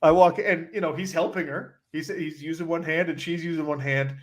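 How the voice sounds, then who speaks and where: A man with a somewhat higher voice for his sex spins a rambling, animated story on a casual podcast. He talks loosely and leans on "like" as he goes, with the easy tone of a co-host chatting with a friend. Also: brisk. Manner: animated storyteller, heavy use of "like".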